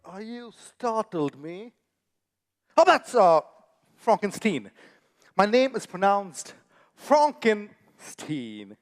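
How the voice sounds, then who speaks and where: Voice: mid-range voice, animated, slow pace, no echo, clean studio sound. An actor playing Frederick Frankenstein, a fussy, giggly young doctor, on a theatre stage. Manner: fussy, giggly, correcting names. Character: nervous young male doctor. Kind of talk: stage musical acting.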